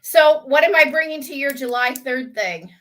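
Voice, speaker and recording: A woman's voice: sits high, normal speed, a bit bright, slight background noise. A woman with a Southern US accent, co-hosting a casual live video chat, teasing and laughing often. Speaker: co-host.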